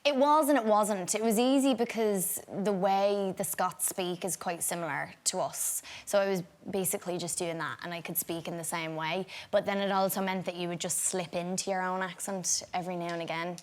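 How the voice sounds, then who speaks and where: A woman's voice: on the low side, moderate pace, hardly any pauses. Irish woman, young adult, chat show guest; bubbly anecdote teller. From Ireland. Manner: animated, laughing storyteller. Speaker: guest actor.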